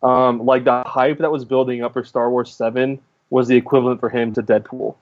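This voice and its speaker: A man's voice: mid-range voice, flat delivery, fairly quick, darkish tone, dry recording, muffled recording. A young man co-hosting a movie review, rambling casually with lots of filler words. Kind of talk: casual chat.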